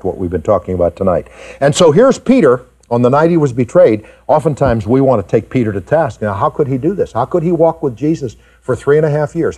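A man preaching a sermon to his congregation, animated and rising high in pitch when he acts out doubters. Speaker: pastor. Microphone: pulpit mic recorded for tape.

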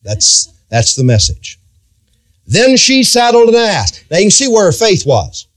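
A man's voice: wildly swooping pitch, unhurried. Emphatic man preaching a dramatic sermon. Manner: dramatic, emphatic, sweeping pitch swings; retells scripture in old-fashioned biblical wording.

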